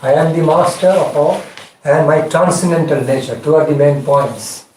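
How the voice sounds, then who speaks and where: A man teaching a scripture class, explaining points in measured, repeated phrases and chanting Sanskrit verses. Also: on the high side, a little mellow. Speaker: spiritual teacher. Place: indoor class room. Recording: echoey room, distant mic, faint noise.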